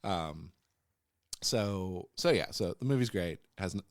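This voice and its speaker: A man's voice: low-pitched, lively intonation, a little slow, dry recording, studio quality. A man co-hosting a podcast, retelling a story in casual chat and breaking into playful silly voices for the characters. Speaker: podcast co-host.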